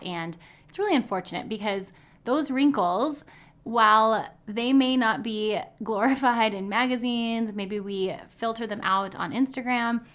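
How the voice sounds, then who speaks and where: An upbeat woman in her thirties hosting her own nutrition podcast, chatty and quick to laugh. Her pitch sits in the middle range for a woman. She talks like she is chatting with a friend. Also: a bit bright. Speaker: dietitian and podcast host. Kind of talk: casual podcast monologue.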